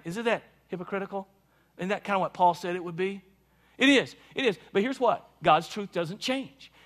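A high-voiced man preaches a sermon from the pulpit. He drives his points home emphatically and keeps checking in with the congregation with "see?" and "right?". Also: fairly bright tone. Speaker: pastor.

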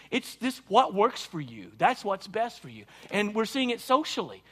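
A high-voiced man preaches a sermon from the pulpit. He drives his points home emphatically and keeps checking in with the congregation with "see?" and "right?". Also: sing-song, normal speed, fairly bright tone. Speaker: pastor.

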